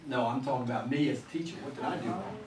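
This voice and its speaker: A man's voice: mid-range voice, expressive, very fast. A man in his fifties from Florida, lecturing a workshop on classroom management and acting out scolding teachers and students along the way. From Florida, USA. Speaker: teacher trainer. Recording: echoey room, distant mic, faint noise.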